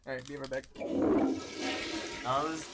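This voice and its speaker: A man's voice: medium pitch, little pitch movement, takes it slowly, very noisy. A man co-hosting a podcast, chatting in a joking, offhand way. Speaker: podcast co-host. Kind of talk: casual chat.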